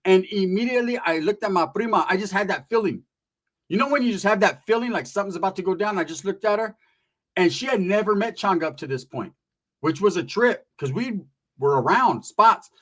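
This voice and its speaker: Man, comic storyteller, high-pitched, animated, profane slang. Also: a little fast. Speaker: comedian.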